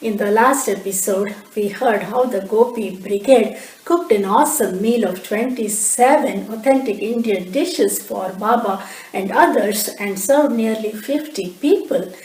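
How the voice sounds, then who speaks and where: A woman giving scripted narration that introduces the segment in a measured, explanatory way. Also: medium pitch, darkish tone. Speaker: program narrator. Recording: roomy, distant mic.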